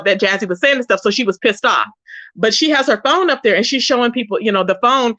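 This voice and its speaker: A woman with a slightly high, pushed, bright voice hosts a casual gossip commentary livestream on YouTube. She's sassy and emphatic, often mimicking others in a raised voice, and the sound is dull and lo-fi.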